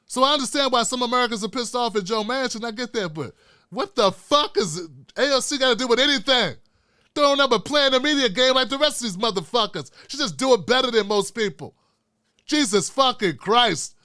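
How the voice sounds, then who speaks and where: A man's voice: extremely high pitch, lively intonation, brisk, pushed and bright, no echo, studio quality. A man hosting his own show, delivering a heated political commentary rant full of constant swearing. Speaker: host.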